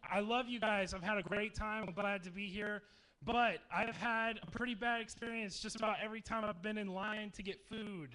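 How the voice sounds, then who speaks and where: Bright, high-voiced joking camp speaker man. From Texas. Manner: joking, chatty storyteller. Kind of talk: humorous youth talk to campers. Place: dark meeting hall at a camp.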